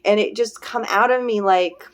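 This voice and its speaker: A woman giving a spiritual oracle card reading. She talks in an earnest, rambling way, often checking in with "you know" and "okay?", and slows down on her affirmations. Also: mid-range voice.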